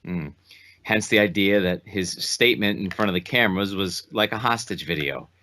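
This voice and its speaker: A man co-hosting a casual political podcast, speaking in a measured, earnest way. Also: low voice, sharp tone. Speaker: podcast co-host.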